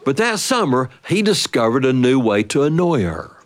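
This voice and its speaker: A middle-aged man tells a childhood story to young listeners in a playful, animated way. His pitch swoops and lifts freely, sitting at an ordinary middle height. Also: normal speed, noisy background.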